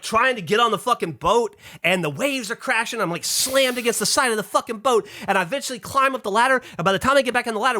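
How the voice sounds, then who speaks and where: A man hosting a podcast tells a story in casual conversation, animated and swearing casually as he acts out other people's lines. His voice sits high, and there's no room sound.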